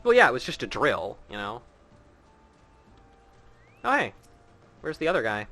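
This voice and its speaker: A man's voice: medium pitch, very animated, unhurried, pushed and bright, soft background music. A man streaming a game who chats casually, laughs often and swears. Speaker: streamer reading a game aloud.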